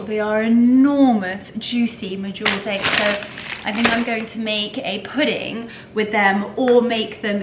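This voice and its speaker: A woman talks slowly through a recipe in her kitchen, gushing over ingredients and sometimes dropping to a near whisper. The room is echoey and a clear background noise runs under her voice. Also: medium pitch. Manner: chatty, gushing, often drops to a soft whisper. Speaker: lifestyle vlogger. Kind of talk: casual baking tutorial. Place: home kitchen.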